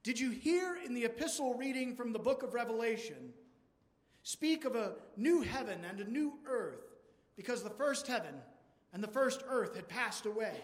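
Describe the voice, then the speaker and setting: A man's voice: extremely high pitch, expressive, a little slow. A man preaching a sermon in a church, asking rhetorical questions again and again. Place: large church. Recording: long church reverb.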